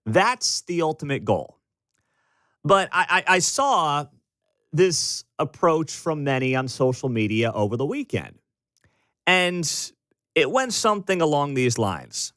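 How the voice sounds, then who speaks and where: A man's voice: on the high side, measured pace, no room sound. An American man hosting a talk radio show, delivering an emphatic, opinionated monologue. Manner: animated, emphatic, storytelling with acted-out quotes. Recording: dry studio mic.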